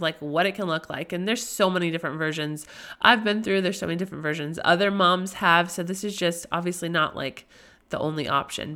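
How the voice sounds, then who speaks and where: A young woman hosts a casual faith-based podcast in a fairly low, bright voice with a forceful edge. Still fighting a lingering cold, she sounds nasal and tired, chatting freely, wandering off on tangents and repeatedly asking "right?"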